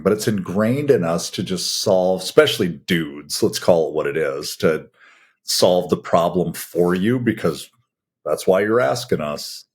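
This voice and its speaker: Deep husky-voiced male coach. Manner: blunt, folksy, conversational. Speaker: podcast co-host, coach. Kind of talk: casual coaching talk.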